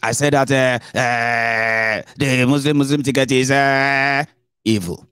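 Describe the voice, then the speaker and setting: A man's voice: mid-range voice, fairly even intonation, slow pace, a bit bright, clear, resonant tone, no echo, pitched above the performer's own voice. A man putting on the voice of an angry, defensive male politician who stammers and contradicts himself. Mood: blustering. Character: blustering angry male politician, middle-aged.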